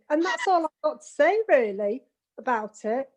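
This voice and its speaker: A woman's voice: high-pitched, animated, normal speed, darkish tone. A woman from England chatting on an online meeting call, a giggly storyteller. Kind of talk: casual video call chat. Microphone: video call.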